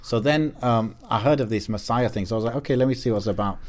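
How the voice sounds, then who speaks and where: A man's voice: medium pitch, fast talker. A young man hosting a podcast over a remote call, rambling with lots of fillers and checking in with his co-host. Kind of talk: casual chat.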